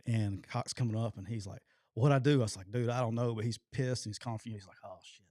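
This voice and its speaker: A man, a podcast co-host and former football coach, telling a story in casual chat, acting out quotes loudly and laughing often. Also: lowish voice, fairly even intonation, fast talker, no echo, studio quality.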